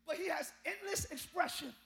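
High-voiced, gravelly preacher man shouting. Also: normal speed. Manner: animated, humorous preaching with shouts and chanting. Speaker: pastor. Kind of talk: sermon. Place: church sanctuary.

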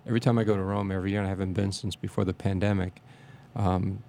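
A man reminiscing in a casual interview, speaking haltingly with many restarts and fillers and a reverent tone. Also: low-pitched, flat delivery, mellow, slight background noise.

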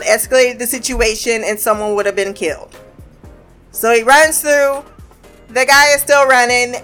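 A woman casually recapping a TV episode, animated and profane, acting out the characters' lines. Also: fairly high pitch.

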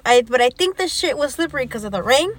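A woman's voice: sits high, expressive, quick pace. A young woman, telling a story in casual chat, acting out quoted lines and swearing often. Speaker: podcast co-host.

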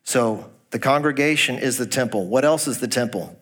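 Male pastor, mid-pitched voice, folksy sermon delivery with direct questions to the congregation. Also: normal speed, fairly bright tone. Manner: reads scripture aloud; folksy, jokes about a Texas accent.

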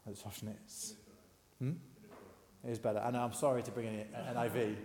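A man's voice: lowish voice, flat delivery, brisk, a little mellow, long reverb tail. A man giving a conversational sermon, asking the congregation questions as he goes. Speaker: preacher. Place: church.

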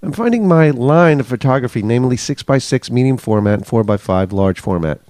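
A man's voice: mid-range voice, expressive, fairly quick, a little mellow, no room sound. A male podcast co-host reading a listener letter aloud with wry asides in casual chat.

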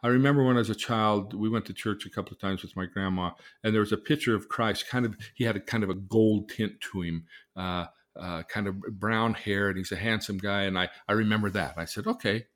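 A man with a somewhat low voice tells a case story as a therapist would. He acts out the people in it as he goes, dropping into soft, low asides and then rising into loud, excited bursts. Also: brisk, hardly any pauses. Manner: vivid storyteller, acts out the people in his stories.

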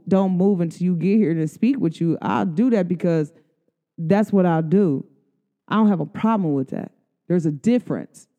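A woman with a mellow, warm tone and a smooth, clean voice talks through a casual podcast monologue. She is earnest and loose, full of slang and "like" fillers. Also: mid-range voice, highs cut off. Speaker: podcast host. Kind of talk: casual spiritual talk.

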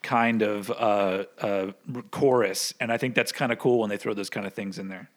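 A man's voice: fairly low pitch, steady tone. A man co-hosting a casual music podcast, rambling and restarting his sentences. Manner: rambling, halting restarts, laughs often. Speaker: podcast co-host.

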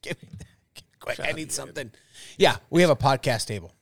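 A man co-hosting a podcast in casual chat, chatty and quick with questions. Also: mid-range voice, expressive, vocal fry, no room sound, clean studio sound. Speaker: podcast co-host.

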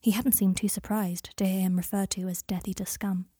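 A woman reading a story aloud in a calm, even storytelling manner. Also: mid-range voice, brisk, breathy edge, no room sound, clean studio sound. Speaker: audiobook reader. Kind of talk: scripted narration.

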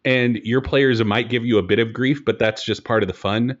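A man talking as a game master in a relaxed podcast conversation, chatty and self-deprecating. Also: medium pitch, normal speed. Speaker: game master and host of a broadcast tabletop game show. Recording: dull lo-fi recording.

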